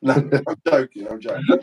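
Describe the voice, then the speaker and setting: A man's voice: mid-range voice, measured pace, dull audio, crowd noise. Chatty English man reading comments. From England. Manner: laughs often, reads out viewer comments. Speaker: livestream co-host. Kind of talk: casual livestream chat.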